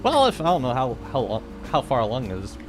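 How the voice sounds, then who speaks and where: An excitable man in his thirties chats his way through a game stream, rambling and restarting as he goes. His voice swings widely in pitch, and a soft bed of music plays faintly behind him. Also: fast talker. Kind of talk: casual live-stream chat.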